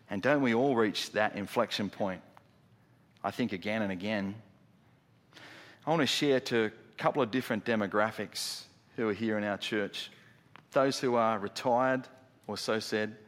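A middle-aged man preaching a sermon in a church, emphatic, firing rhetorical questions and dropping to a hush for effect. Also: mid-range voice. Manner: emphatic, rhetorical questions, swings from loud to hushed. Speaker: pastor. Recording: long hall reverb.

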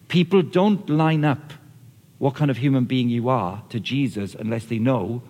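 A man's voice: medium pitch, normal speed. Man preaching in a reverberant hall. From Australia or Britain, not the audience's country. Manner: lively, conversational preaching with acted quotes. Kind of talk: sermon. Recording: long reverb of a large hall.

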